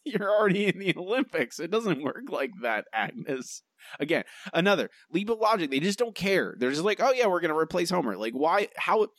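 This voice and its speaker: A man's voice: high-pitched, sing-song, moderate pace, a bit bright, no room sound. A man co-hosting a podcast, chatting sarcastically and with exasperation about a TV episode. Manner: sarcastic, exasperated, restarts often. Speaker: podcast co-host. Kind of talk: casual chat reviewing an episode.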